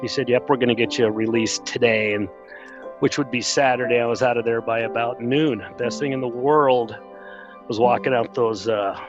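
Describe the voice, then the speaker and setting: A man's voice: mid-range voice, fairly even intonation, muffled recording, over music. Earnest middle-aged man telling his story. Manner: earnest, plainspoken, pauses when moved. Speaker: interview guest. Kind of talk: recounting a personal story.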